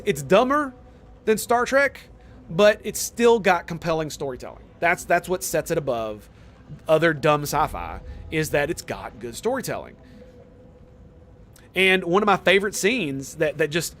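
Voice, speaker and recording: Young man, game streamer, casual slangy chat, excitable rambling, slightly high voice, faint background noise.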